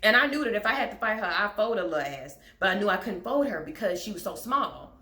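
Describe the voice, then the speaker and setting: A young woman tells a personal story in a casual storytime vlog, candid and chatty, swearing frankly and laughing wryly. Her mid-range voice is expressive, fast, pushed and bright, recorded in an echoey room.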